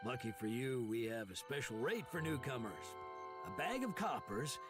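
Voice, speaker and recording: An actor voicing a swaggering street thug in a video game, speaking with slow, mocking menace. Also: male voice, medium pitch, animated, over loud music, natural voice. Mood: mocking, menacing.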